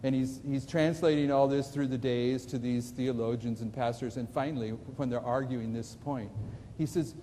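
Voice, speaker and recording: A man's voice: medium pitch, steady tone, moderate pace, hardly any pauses, dark tone, a little hiss or hum. A man preaching a sermon-style lecture who keeps questioning his audience with emphasis. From United States. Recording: distant echoey hall recording.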